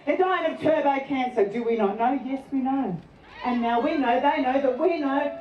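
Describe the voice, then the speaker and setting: A woman giving an impassioned, preaching rally speech, often shouting her lines. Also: sits high, moderate pace, noisy background. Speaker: rally speaker. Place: outdoor rally over loudspeakers. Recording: echoey distant lo-fi rally sound.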